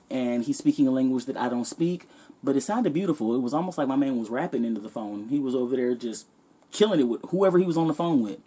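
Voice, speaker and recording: A woman vlogger telling a comedic story in a sassy, animated, profane way. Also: low voice, slightly rough.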